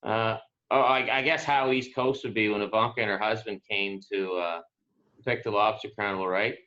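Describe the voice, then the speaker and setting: A man with a Nova Scotian accent telling a rambling anecdote as a guest in a casual interview, in a relaxed way. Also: on the low side, normal speed, lo-fi sound. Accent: Atlantic Canadian, Nova Scotia. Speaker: sports broadcaster guest.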